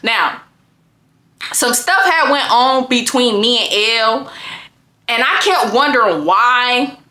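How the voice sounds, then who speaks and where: A woman telling a personal story to viewers in a casual, profane and animated way. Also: on the high side, slow. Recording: roomy echo.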